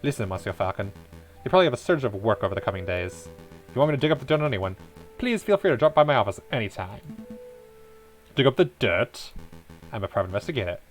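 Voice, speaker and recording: A man voicing a smooth, scheming male fox investigator in a game, in a low, formal, suave manner. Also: big pitch swings, fast talker, pauses often, soft background music. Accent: put-on Spanish accent.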